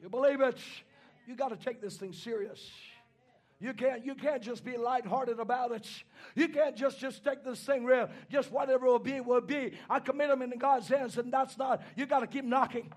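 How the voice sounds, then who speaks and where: A man preaching a sermon, moving from quiet, halting storytelling into impassioned shouting. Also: very high voice, steady tone.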